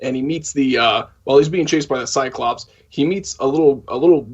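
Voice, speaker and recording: Husky man recapping a film. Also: medium pitch, a little fast. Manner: profane, rambling plot recap. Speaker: podcast co-host. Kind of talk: casual film discussion. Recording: dull lo-fi audio.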